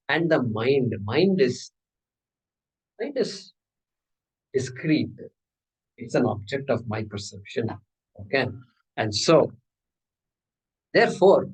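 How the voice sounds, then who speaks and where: A man's voice: on the high side, husky, low-quality recording. A man teaching a scripture class, conversational and playful, asking rhetorical questions and acting out little scenes. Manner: animated, playful, acts out dialogues, asks rhetorical questions.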